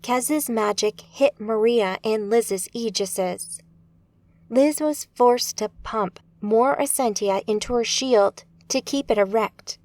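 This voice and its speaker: Slow, measured woman audiobook narrator. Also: a little high, darkish tone, no room sound.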